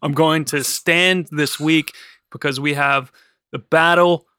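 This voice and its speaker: Bright, teasing male podcast host. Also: a little high, steady tone, slow pace, a little hiss or hum. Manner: teasing, bantering. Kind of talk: casual chat.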